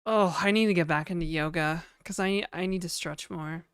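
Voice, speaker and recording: Woman rambling on her stream, smooth lowish voice, dry close sound, laughs a lot. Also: normal speed, dry recording. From New Brunswick, Canada. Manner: rambling, joking, laughs often. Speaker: livestreamer. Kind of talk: casual livestream chat.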